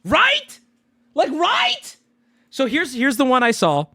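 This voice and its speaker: A man in his thirties streaming, ranting with heavy profanity and breaking into sudden incredulous yells. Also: extremely high pitch, huge pitch swings, takes it slowly, no room sound. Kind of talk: ranting live stream commentary.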